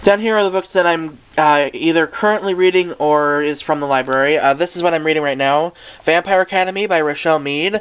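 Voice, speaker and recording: A young man with a somewhat high, smooth voice chats in a gushing way and makes fun of himself now and then. The sound is thin and tinny, as if from a cheap webcam mic. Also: brisk. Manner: chatty and gushing, with self-mocking asides. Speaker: book vlogger. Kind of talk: casual chat.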